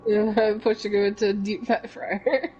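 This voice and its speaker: A woman's voice: medium pitch, little pitch movement, normal speed, muffled recording, a loud crowd. A woman hosting a gaming stream, chatting casually and laughing easily. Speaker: gaming channel host.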